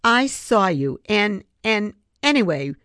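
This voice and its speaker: A woman's voice: medium pitch, very animated, slow, fairly bright tone, no echo, studio quality, voice pushed up. A woman reading aloud, voicing a hurt, stubborn young girl in a raised, childlike voice. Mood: upset.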